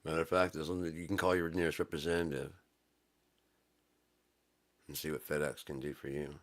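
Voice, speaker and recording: Very deep-voiced man, middle-aged, casual religious monologue, slow scripture reading, blunt profane asides. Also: little pitch movement, a bit bright. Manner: reads scripture slowly then riffs with blunt casual profanity. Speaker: religious commentator.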